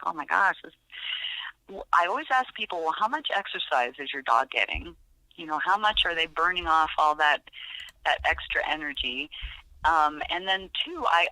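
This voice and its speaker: A woman's voice: low-pitched, pushed and bright, no echo, rough recording. A woman animal behaviorist chatting as a podcast guest, telling stories with frequent fillers and restarts. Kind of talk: podcast interview.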